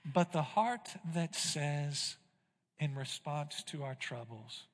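Male pastor, sermon, high voice, dramatic loud-to-hushed swings, long hall reverb. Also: animated, takes it slowly. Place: church sanctuary.

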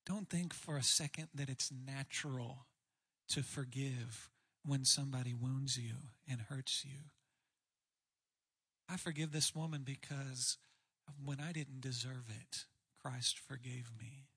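A man's voice: medium pitch, fairly even intonation, takes it slowly, sharp tone, husky. A man preaching a sermon on marriage, candid and self-deprecating in a conversational way. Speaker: pastor speaking on marriage.

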